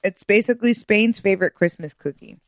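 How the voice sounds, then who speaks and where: A woman's voice: medium pitch, brisk, no echo. Playful woman reading snack labels. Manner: playful, reads product blurbs aloud. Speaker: co-host. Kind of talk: casual chat.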